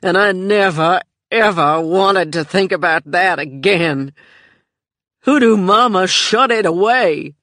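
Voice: medium pitch, unhurried, vocal fry, fairly bright tone, no echo, studio quality. The narrator voicing a tough grown woman who is crying, strained and cursing. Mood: tearful.

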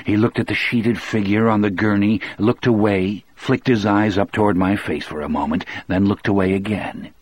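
Low, husky male audiobook narrator. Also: steady tone, moderate pace, few pauses, no echo. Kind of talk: first-person audiobook narration.

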